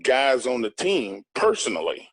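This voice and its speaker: A man's voice: mid-range voice, very animated, a little slow, no echo. A middle-aged man, a guest in an interview, telling a story in an emphatic, blunt and boastful way.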